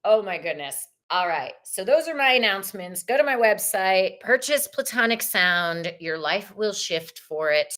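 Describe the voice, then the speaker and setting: A woman with a drawl chatting through a live tarot stream, warm in her enthusiasm and quick to say "y'all." Her voice sounds a little worn and tired. She talks casually and effusively, like she is hanging out with friends. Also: medium pitch, animated. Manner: bubbly, effusive, sprinkles in "y'all", sometimes sings. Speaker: tarot reader and livestream host.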